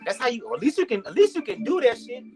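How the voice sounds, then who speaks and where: A man's voice: very high voice, big pitch swings, quick pace, over music. A young man giving casual, profane reaction commentary with sassy slang. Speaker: commentary youtuber.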